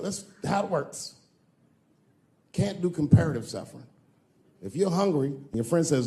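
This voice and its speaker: Man, stand-up comedian, lively pitch, slightly high voice, stage mic, long hall reverb, faint ambience. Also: fairly quick, slight background noise. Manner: storytelling, swings from low mutters to loud outbursts.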